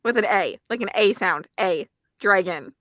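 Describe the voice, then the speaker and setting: Talkative woman host, bright tone, dry close-miked sound. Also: medium pitch, lively intonation, moderate pace, no room sound. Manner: talkative, laughs easily. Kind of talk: casual livestream chat.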